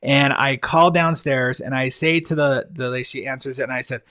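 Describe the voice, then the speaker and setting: A male podcast host talks in a relaxed, eager monologue, often pausing on fillers and restarting his sentences. His voice sits at an ordinary middle pitch. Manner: enthusiastic, conversational, frequent fillers and restarts. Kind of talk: casual monologue recommending books.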